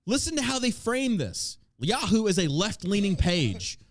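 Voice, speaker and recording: A male podcast host rants with a sarcastic, profane edge. His voice swings widely in pitch and sits a touch high for a man. The recording is close and dry. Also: very animated, normal speed, no room sound. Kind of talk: casual political rant.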